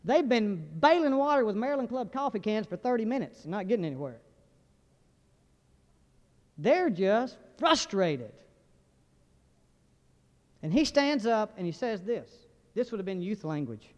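Delivering a folksy, joking sermon, this man keeps throwing questions at the congregation. He speaks a little slowly in a high, sing-song voice, pausing often. The recording is dull, with a long reverb from the hall.

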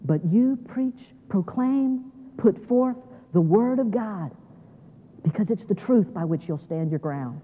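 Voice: medium pitch, expressive, slow, phone-quality sound. A guest preacher speaks in a mid-range voice to seminary students, with the long reverb of a large chapel. The delivery is folksy and down-to-earth, full of small restarts. It grows emphatic and repetitive whenever the main point comes back. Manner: emphatic, repeats key phrases.

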